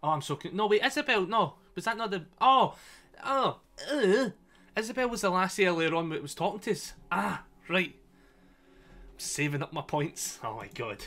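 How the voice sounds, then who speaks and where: A man giving excitable, sweary commentary while playing a game, laughing often. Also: sits high, normal speed. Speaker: gaming streamer. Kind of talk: casual let's-play commentary. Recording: faint game music behind.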